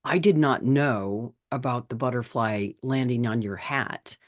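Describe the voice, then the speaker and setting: A podcast host talks slowly and earnestly, musing on faith and hope. The voice sits in a middle pitch, and the recording is dry and close. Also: dry recording. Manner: slow, earnest, spiritual musing. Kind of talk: casual interview chat.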